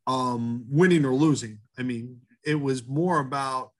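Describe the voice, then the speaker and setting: Middle aged baker guy talking earnestly in an interview, lots of ums and restarts. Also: medium pitch. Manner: earnest, halting with many fillers and restarts. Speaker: guest, head baker. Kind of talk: casual interview talk.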